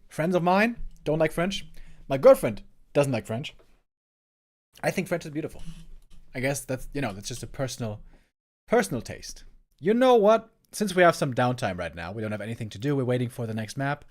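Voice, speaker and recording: Very animated and a little fast, a German esports caster with American-tinged English chats with viewers on stream. His voice sits on the high side, and he rambles, repeating words as he gropes for them.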